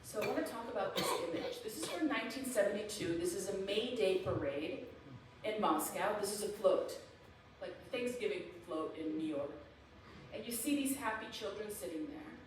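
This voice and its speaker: Female guest lecturer, animated and emphatic, mid-pitched voice, distant mic in an echoey hall. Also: moderate pace. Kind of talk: public lecture with slides. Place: event hall.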